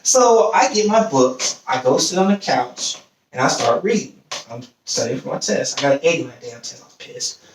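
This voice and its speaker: A young man with a high, bright-sitting voice spins a casual story on a podcast, acting out each person's lines as he goes. He sits back from the mic, and the room around him rings with echo. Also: normal speed, noisy background. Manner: animated storyteller, acts out quoted voices. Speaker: podcast host. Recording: echoey room, distant mic.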